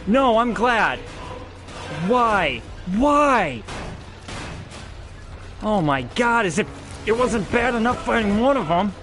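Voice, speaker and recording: A man giving let's-play commentary as a streamer, excitable, panicky and swearing often. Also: high voice, takes it slowly, pauses often. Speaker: gameplay streamer. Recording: gameplay audio with game music behind.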